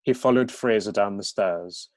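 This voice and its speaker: Low-voiced man reading his novel. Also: normal speed, dry recording. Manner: hesitant with many ums. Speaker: author. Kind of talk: book event conversation and reading.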